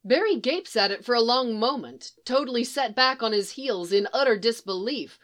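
A woman reads a story aloud as its narrator. Her delivery is measured with a wry edge. She keeps the telling steady between the characters' lines. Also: fairly high pitch. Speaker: reader.

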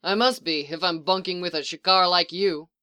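A reader voicing a calm, possessive clone commander man with a low, dry teasing way of talking. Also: normal speed, clear, resonant tone, close to an everyday voice.

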